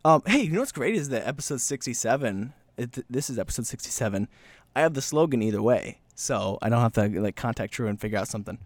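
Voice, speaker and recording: A man's voice: medium pitch, animated, dry recording. Guy rambling on his own podcast, voice all over the place, a bit out of breath, dry close sound. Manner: scattered, self-mocking, slips into quick voiced bits. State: slightly breathless from talking fast. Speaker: podcast host. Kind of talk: rambling solo podcast chat.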